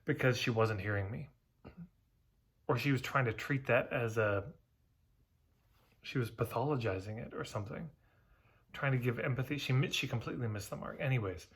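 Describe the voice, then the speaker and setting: A man's voice: medium pitch, normal speed, long pauses, slightly rough. A man talking casually and candidly to camera, giving emphatic marketing advice to therapists. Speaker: marketing coach.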